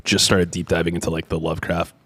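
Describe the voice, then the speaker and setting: A man hosting a podcast at a studio table, relaxed and agreeable as he introduces topics. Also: low-pitched, fast talker, slightly rough, dry recording. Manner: relaxed, agreeable, lots of yeahs. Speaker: podcast host.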